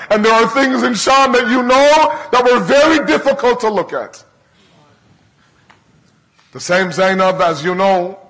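A man with a very high voice preaches a sermon. He retells a sacred story with emotion, building it through repeated phrases. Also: a bit bright, low-quality recording. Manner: emotional storytelling with heavy repetition.

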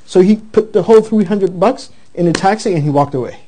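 A man preaching a sermon, telling a story with lively acted-out voices. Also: high-pitched, a little fast, hardly any pauses. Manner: animated storyteller, acts out the quoted voices.

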